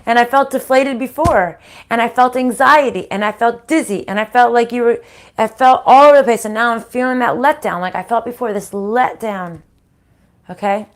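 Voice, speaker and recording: A middle-aged woman giving a casual spiritual reading, frank and animated, swearing freely and laughing often. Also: on the high side, moderate pace. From Italian-American family. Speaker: spiritual reader and channel host.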